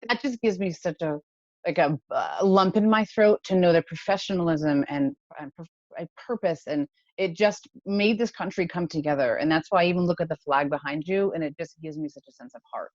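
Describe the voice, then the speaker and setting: Low voiced woman telling her story, gets emotional, laughs it off, kinda muffled sound. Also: fairly quick, no echo. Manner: emotional, animated retelling with laughs. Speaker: podcast guest, company founder. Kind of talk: candid interview storytelling.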